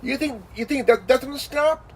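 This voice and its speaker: High-voiced man in a swearing rant. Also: moderate pace, far from the mic, a little hiss or hum, rough recording. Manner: repetitive, heavy fillers like "you know" and "man"; crude, swearing, insulting. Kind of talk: profane casual rant.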